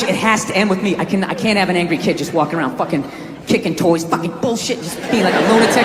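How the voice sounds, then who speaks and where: A middle-aged man doing a stand-up rant, profane and exasperated, often shouting. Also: high-pitched, very noisy. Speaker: stand-up comedian. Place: large theater on stage. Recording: live show, roomy echo, loud crowd laughter. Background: audience laughter.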